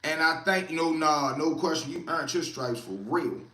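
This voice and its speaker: A streetwise man hosts a casual livestream, telling stories from the street and calling out to viewers by name. His voice sits high and sounds bright and forward. An echoey room surrounds him. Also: normal speed. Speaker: livestream host.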